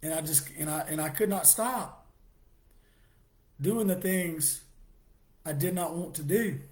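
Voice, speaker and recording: A middle-aged man with a slightly high voice gives a halting personal testimony. He restarts his sentences and laughs softly now and then.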